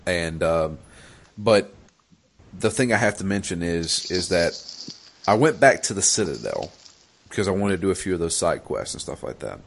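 A man's voice: deep voice, moderate pace, gravelly, slight background noise. A man in casual chat, recounting a video game playthrough with lots of swearing and laughter. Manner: animated storyteller, swears a lot, laughs.

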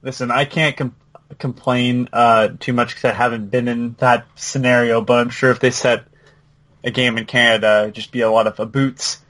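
A man co-hosting a podcast in a relaxed, talkative way, with a voice of ordinary pitch. He jumps in quickly and keeps adding little asides. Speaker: podcast co-host. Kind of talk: casual chat about a video game.

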